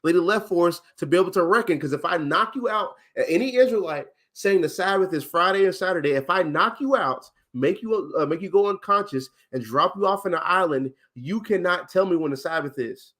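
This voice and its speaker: A man teaching on a casual livestream. He talks with emphasis, asks questions, and counts things out loud. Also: sits high, animated, fairly quick, few pauses.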